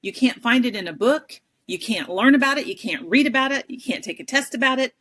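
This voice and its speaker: A woman on an interview show telling a personal story in a lively, self-deprecating way, often acting out the people she quotes. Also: a little high, brisk. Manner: animated, self-deprecating, acts out quoted dialogue. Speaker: interview guest, advocate and educator.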